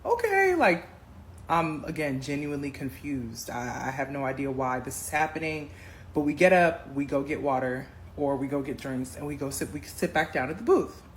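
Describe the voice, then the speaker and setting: A woman telling a dating story in a casual storytime, addressing viewers as y'all with animated emphasis. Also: very deep voice, normal speed, slight background noise, low-quality recording. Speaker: storyteller in a clip.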